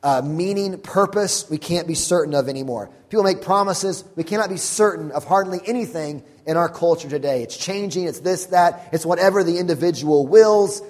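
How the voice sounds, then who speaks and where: A man's voice: fairly high pitch, normal speed, few pauses, darkish tone, long reverb tail. A man, a pastor, preaching a sermon with emphatic, repeated phrases. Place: church sanctuary.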